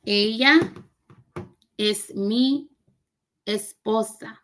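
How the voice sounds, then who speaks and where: A woman's voice: mid-range voice, very slow, a bit bright, a little hiss or hum. A woman learning a language on camera, chatting casually and joking with her viewers. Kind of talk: casual chat while doing a recorded lesson.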